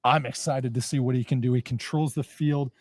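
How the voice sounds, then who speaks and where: A man's voice: medium pitch, steady tone, fairly quick, a little mellow, dry recording. A young man hosting a college football talk show, making emphatic, upbeat points. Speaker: sports show host. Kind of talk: sports analysis chat.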